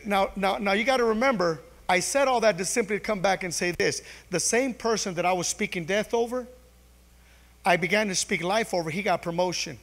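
A man's voice: high voice, fairly quick, a bit bright. Man preaching in a reverberant church. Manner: storytelling, many restarts and "you know", acts out his own quotes. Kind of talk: testimony sermon to a congregation. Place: church hall. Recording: long church hall reverb.

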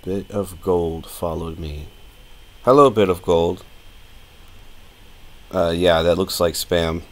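Low-voiced man streaming a tutorial. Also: takes it slowly. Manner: relaxed, rambling, thinking aloud with fillers. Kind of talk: casual live-stream tutorial.

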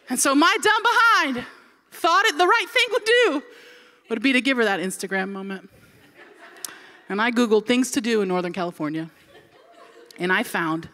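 A woman pastor in her forties tells a comic story from the pulpit. Her bright, high voice swings widely in pitch, and she acts out every quoted voice. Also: big pitch swings, moderate pace, pauses often. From Florida. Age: 40s. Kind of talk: humorous sermon storytelling.

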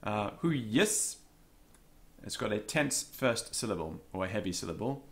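A man teaching Latin vocabulary, slowly pronouncing and repeating each word with careful pronunciation notes. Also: lowish voice, animated, creaky. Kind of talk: slow vocabulary lesson with repeated Latin words.

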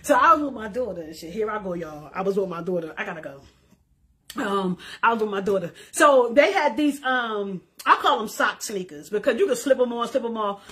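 A middle-aged woman, chatting to her viewers in a loud, animated, profane way and laughing often. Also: mid-range voice, brisk. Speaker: social media creator. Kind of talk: casual live-stream chat.

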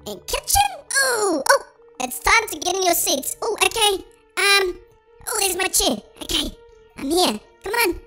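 A gaming channel host giving bubbly, giggly, excited commentary in a high, pitch-shifted chipmunk-style voice. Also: measured pace, soft background music.

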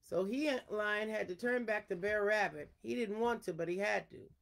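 A woman reading an animal folk tale aloud in an unhurried storytelling manner, her throat a little irritated. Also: mid-range voice, creaky.

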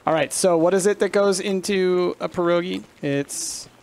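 A man's voice: high voice, fairly even intonation, normal speed, gravelly, darkish tone. A man bantering and riffing on jokes while playing a co-op game with friends. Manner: joking, riffing on bits. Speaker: let's play host. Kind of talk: casual gaming banter.

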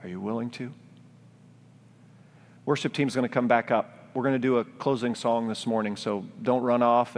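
A man preaching a sermon as pastor, speaking in a gentle, reflective, pleading way. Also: mid-range voice. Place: church sanctuary, live-streamed. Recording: long church-hall reverb.

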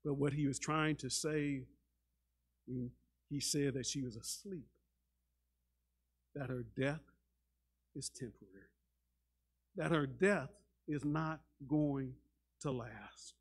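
A man preaching a sermon as a pastor, dramatic, shifting between loud and hushed delivery and often repeating words as he starts a sentence. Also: medium pitch, slow, pauses often, slightly rough. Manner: dramatic, acts out quoted voices, swings between loud and hushed.

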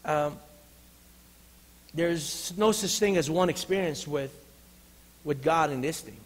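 Male pastor with a high voice, impassioned sermon, long hall reverb. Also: takes it slowly. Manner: impassioned, swinging from loud to hushed. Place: church.

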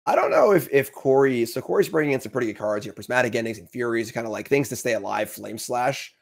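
A man casually commentating a card game match, chatty and quick to laugh, with lots of fillers and restarts. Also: medium pitch, lively intonation, gravelly.

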